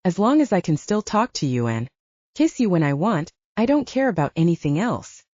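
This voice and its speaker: The narrator plays a guarded young woman in a storybook romance. She speaks softly, close to a whisper, in a warm, expressive voice. The recording is dry and lo-fi. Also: fairly low pitch, normal speed, dry recording. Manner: soft, breathy. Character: young woman musician, guarded but tender.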